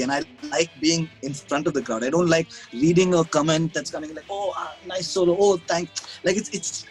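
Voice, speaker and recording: A man's voice: fairly high pitch, poor audio. Man telling rambling stories. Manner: rambling, self-mocking, frequent restarts and laughs. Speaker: guest musician. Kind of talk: casual conversation over a video call. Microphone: video call.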